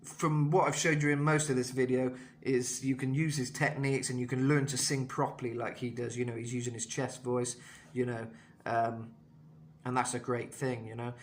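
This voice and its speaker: A man's voice: mid-range voice, little pitch movement, moderate pace. A man teaching a singing lesson, explaining technique in a thoughtful way with many fillers and restarts. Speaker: vocal coach.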